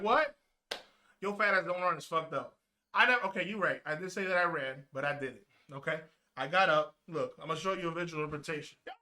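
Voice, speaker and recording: A man streaming live, chatting with his viewers and telling a story in a loud, animated, profane way that swings into yelling. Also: a little high. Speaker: streamer reacting to chat.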